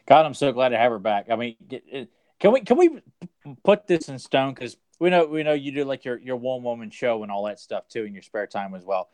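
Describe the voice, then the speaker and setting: A man's voice: mid-range voice, animated, brisk, darkish tone, dry recording. A man co-hosting a podcast, joking and rambling as he welcomes the guest back. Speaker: podcast co-host. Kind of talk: casual chat.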